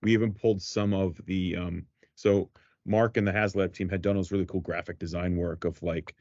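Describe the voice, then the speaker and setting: A man with a New Jersey accent and a very low voice answers questions in a relaxed, rambling way. He sounds like a toy brand team member on a video call. The audio is dry and dull, with a lo-fi edge. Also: normal speed, no echo. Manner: relaxed, rambling, laughs easily. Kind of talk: casual roundtable Q&A.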